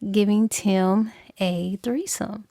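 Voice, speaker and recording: A woman's voice: medium pitch, steady tone, slow, mellow, no room sound, studio quality. A woman voicing a young wife who earnestly tries to persuade her husband and best friend, speaking in a pleading, coaxing way.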